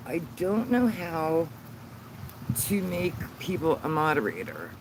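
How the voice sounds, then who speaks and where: A man chats on a phone livestream outdoors, rambling and stopping often as he works out the settings. His voice sits a bit high and moves slowly. Passing cars and outdoor hum stay clearly audible under it. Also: wildly swooping pitch. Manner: rambling, halting, fumbling with the phone. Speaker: channel host on sobriety. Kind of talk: casual livestream chat. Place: outdoors in a sunny yard. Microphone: phone held by the speaker. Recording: outdoor phone stream with road noise.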